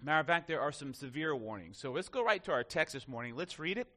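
Bright high-voiced male pastor preaching. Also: expressive, fast talker. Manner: conversational, joking asides to the congregation. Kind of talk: sermon. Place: church.

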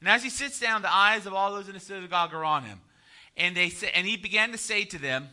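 A man's voice: high voice, brisk, sharp tone. A man preaching a sermon as pastor, conversational and joking, often tossing out "right?" to the congregation.

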